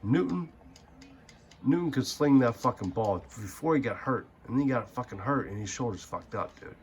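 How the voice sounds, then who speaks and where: A man's voice: mid-range voice, animated, moderate pace, slight background noise. A young man giving casual gaming commentary, ranting in a heated, profane, rambling way. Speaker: gaming channel host.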